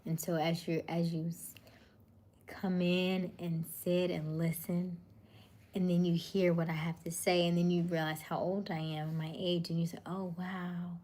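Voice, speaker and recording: A soothing, chatty woman in her thirties hosts a livestream and greets viewers by name. Her voice sits a little low and often sinks to a soft murmur between comments. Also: flat delivery, moderate pace. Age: 30s. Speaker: livestream host. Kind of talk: casual live chat reading comments.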